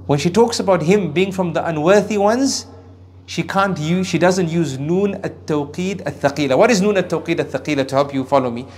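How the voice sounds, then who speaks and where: High-voiced man preaching with animated emphasis. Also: brisk. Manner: animated, swinging between raised emphasis and hushed asides; recites Arabic phrases with careful pronunciation. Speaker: Islamic preacher. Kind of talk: sermon on Quran verses.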